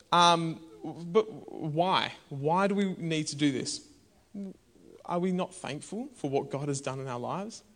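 A man, preaching a conversational sermon in a church. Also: fairly high pitch. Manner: conversational and animated, bursts into shouts. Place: church hall.

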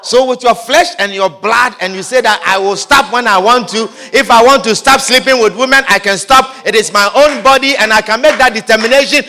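A man preaching a sermon in an emphatic, repetitive manner, often shouting and laughing. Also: very high-pitched, a little fast, few pauses.

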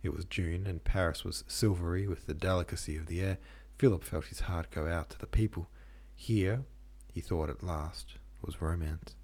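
A man's voice: sits low, moderate pace, hardly any pauses, darkish tone, husky. A man hosting a podcast, reading a classic novel aloud and chatting casually afterwards with joking asides. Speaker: podcast host and reader.

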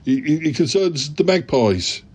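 A man's voice: fairly high pitch, animated, a little slow, darkish tone, breathy edge, pitched above the performer's own voice. A man voicing a stammering, attention-seeking yeti uncle who repeats his words. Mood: evasive.

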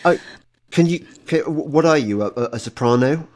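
A man hosting a casual interview, his voice fairly high and very lively in its ups and downs. He stumbles over his words and jumps in with eager little comments. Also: brisk. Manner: stammering, enthusiastic interjections. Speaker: podcast interviewer.

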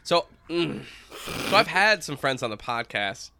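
A man from New Hampshire, talking in a hesitant, halting way on a comedy podcast. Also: a little high, sing-song, creaky, bright, forceful tone, no echo. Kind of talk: casual comedic chat.

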